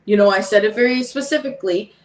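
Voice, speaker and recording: A woman's voice: mid-range voice, fast talker. Heated woman talking in an echoey room. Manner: emphatic, repeats herself, heated. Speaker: podcast guest. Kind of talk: casual podcast chat. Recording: echoey room, distant from mic.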